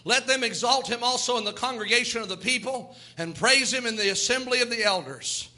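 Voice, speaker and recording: A male pastor delivering a fervent sermon in a strikingly high, ringing voice. His tone is sharp and bright, and he moves in a rhythmic cadence between scripture readings and exhortation. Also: a little fast.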